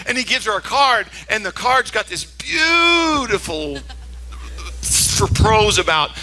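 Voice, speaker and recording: Animated older male pastor, bright high voice. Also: unhurried, low-quality recording. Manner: animated storytelling, acting out characters in high voices. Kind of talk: sermon.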